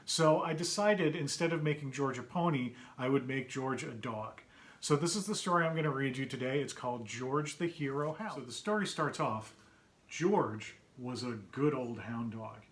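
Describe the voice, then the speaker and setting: A man reading his own picture book aloud to children, chatty and gentle, pausing to point out pictures and ask questions. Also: expressive. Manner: puts on brighter higher voices for characters' quoted lines. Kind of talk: read-aloud story time for children.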